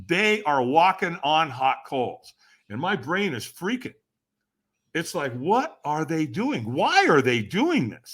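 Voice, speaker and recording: A man guesting on a podcast, telling a story with animated energy and acting out the dialogue. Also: fairly high pitch. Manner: acts out quoted dialogue, emphatic and lively.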